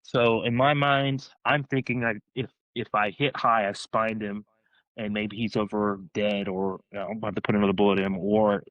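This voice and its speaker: A man with a fairly low voice tells a story in casual podcast talk, excited and rambling. He keeps restarting his sentences as the details spill out. The sound is dry and close, with little room echo. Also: normal speed, lo-fi sound. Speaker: guest hunter telling his story.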